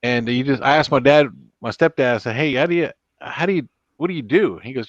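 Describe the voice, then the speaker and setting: A man's voice: mid-range voice, fairly quick, no echo, muffled recording. A man hosting a late-night live stream, chatting casually and rambling through road stories and corny jokes. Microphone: computer mic.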